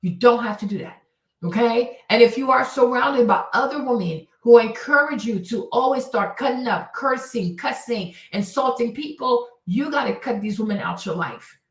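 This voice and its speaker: A woman's voice: a little high, far from the mic. A woman host giving casual, blunt advice in an emphatic monologue, repeating her points and swearing freely. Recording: roomy sound from off-mic.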